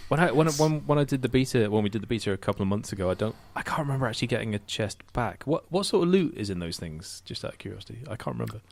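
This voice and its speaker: A man co-hosting a gaming podcast, asking quick, curious questions in casual chat. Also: fairly low pitch, very animated, gravelly. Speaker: podcast co-host.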